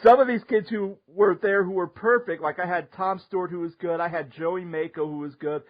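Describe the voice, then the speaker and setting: A man tells a story in a casual talk, his voice sitting a little high. He is animated and laughs often along the way. The sound is muffled and lo-fi. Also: fairly quick. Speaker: podcast host. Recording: muffled lo-fi audio.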